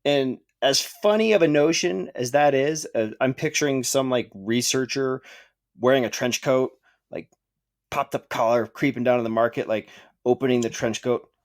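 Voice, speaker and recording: A man co-hosting a podcast in casual chat, joking, swearing freely and thinking out loud. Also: mid-range voice, moderate pace. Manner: joking, profane, thinking aloud. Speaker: podcast co-host.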